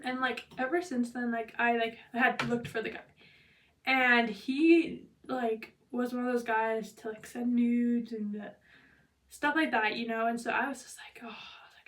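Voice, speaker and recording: A woman's voice: high-pitched, fairly even intonation, moderate pace, a bit bright, far from the mic. A young woman vlogger telling a story in a loose, chatty way, filling it with "like" and "blah blah" and dropping to a whisper for asides. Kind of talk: casual storytelling.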